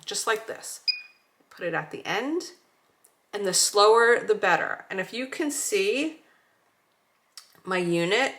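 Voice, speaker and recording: Lady walking you through a skincare demo, calm and reassuring, bright lowish voice. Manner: calm, reassuring, slow deliberate cues. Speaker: skincare instructor. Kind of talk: demonstration tutorial.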